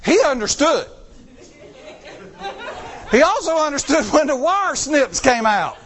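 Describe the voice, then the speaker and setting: A man's voice: extremely high pitch, sing-song, slow pace, fairly bright tone, a faint crowd. A middle-aged man preaching a story-filled sermon, acting out quotes in shifting voices.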